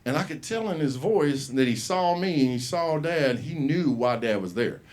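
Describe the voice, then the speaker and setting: A man's voice: fairly high pitch, lively intonation, normal speed, a little mellow. A man telling a profane story as a stand-up comic at an open mic, acting out the people he quotes. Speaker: stand-up comedian. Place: comedy club stage.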